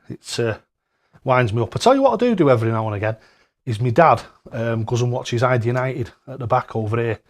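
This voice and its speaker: Fifties man, darts streamer, chatty, jokey, quick to laugh, loud greetings, mid-pitched. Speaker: darts live-stream host. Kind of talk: casual live-stream chat.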